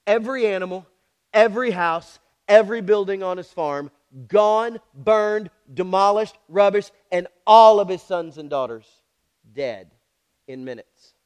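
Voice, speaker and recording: A man's voice: high-pitched, measured pace, clear, resonant tone. A man preaching a sermon dramatically, repeating lines for emphasis and turning to the congregation with asides. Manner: dramatic, swings from shouts to near whispers.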